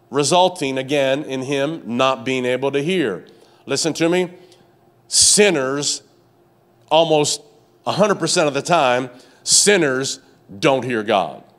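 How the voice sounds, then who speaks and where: A pastor preaching a sermon, telling a story with many stammered restarts and jumping up high in pitch to act out its scenes. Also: male voice.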